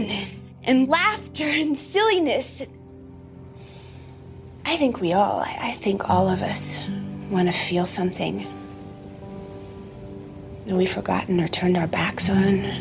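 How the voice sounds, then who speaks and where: An earnest young woman editor who speaks slowly and sincerely, her voice dropping soft and hushed at times. It is a film clip with clear music beneath her. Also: on the low side.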